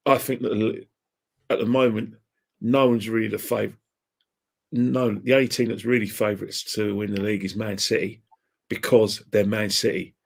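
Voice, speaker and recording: A podcast guest who loves football chats casually, rambles, shares his opinions, and laughs at his own jokes. He has a fairly low, gravelly voice with little pitch movement and a moderate pace.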